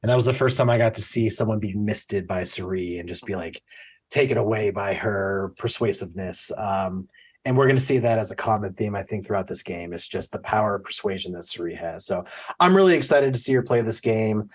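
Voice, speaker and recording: A man's voice: lowish voice, a little fast. A man co-hosting a podcast in casual chat, chatty and acting out quotes he recounts. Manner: chatty, acts out quotes from the show; self-described easy crier. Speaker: podcast co-host.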